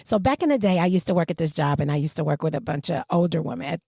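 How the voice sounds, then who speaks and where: A woman, co-hosting a podcast in casual chat and telling stories with swooping pitch. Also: fast, vocal fry, no room sound, studio quality. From Michigan. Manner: animated storyteller, swooping pitch. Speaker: podcast co-host.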